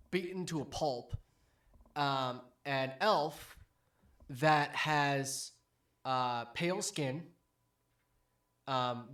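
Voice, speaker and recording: Game master, male: slow, hesitant scene-setting narration for a tabletop game. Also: mid-range voice, a bit bright. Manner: hesitant, many ums and restarts.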